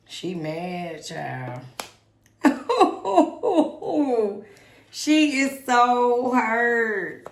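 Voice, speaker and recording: Woman tarot reader, slow, low-pitched, chatty and dramatic; echoey room with noise behind. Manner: chatty, dramatic, talks to spirit and viewers. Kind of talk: casual tarot reading.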